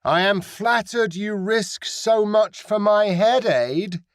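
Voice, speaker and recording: A weathered woman pirate captain with greying hair, put on by a male audiobook narrator taunts across the water in a pitched-up, carrying voice. She is commanding and mocking. The sound is dry and close. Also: slow pace, smooth, no echo. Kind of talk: audiobook character voice.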